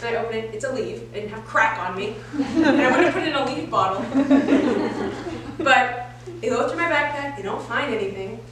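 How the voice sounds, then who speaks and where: A woman's voice: on the high side, fairly quick, recorded from a distance, crowd noise. A woman in her twenties doing a stand-up comedy set, telling stories with lots of swearing and laughing at her own lines. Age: 20s. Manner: profane, animated storytelling with frequent laughs. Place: comedy venue stage. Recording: echoey live room, mic from afar. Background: audience.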